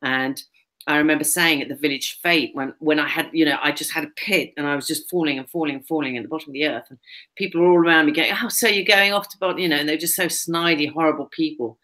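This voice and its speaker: A woman's voice: low-pitched, steady tone, fast talker, fairly bright tone. A middle-aged woman telling a personal story in casual, rambling talk, full of fillers and restarts as she co-hosts a chat.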